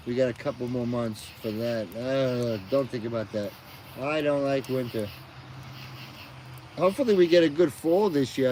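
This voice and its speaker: A man's voice: medium pitch, mellow, a little hiss or hum, poor audio. A middle-aged man hosting a casual live stream outdoors at night, sleepy and yawning as he chats with viewers, crickets behind him.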